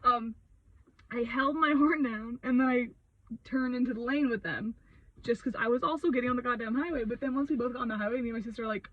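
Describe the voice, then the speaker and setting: A young woman vlogger ranting a story in a heated, sweary, expressive way, full of fillers. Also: a little high, fast, far from the mic, narrow, tinny audio.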